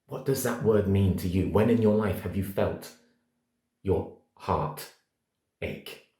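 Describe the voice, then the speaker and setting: A man's voice: low voice, takes it slowly, dark tone. A middle-aged man teaching an acting masterclass, stressing single words and tapping out verse rhythms. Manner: emphatic, words spelled out one by one, rhythmic. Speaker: acting coach. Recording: echoey room.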